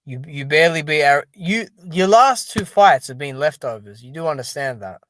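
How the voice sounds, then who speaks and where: Exasperated and dismissive, a boxing commentary host talks casually to viewers about boxing and MMA on his own, filling gaps with "dude" and "man." His fairly high, fairly bright voice has lively intonation and a moderate pace, with no echo.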